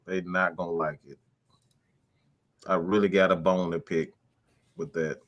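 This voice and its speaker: A man with a very deep voice co-hosts a casual sports talk show. He speaks slowly and deliberately, repeating his point with rising emphasis. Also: little pitch movement, fairly bright tone, highs cut off. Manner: deliberate, building to emphatic repetition. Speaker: podcast co-host.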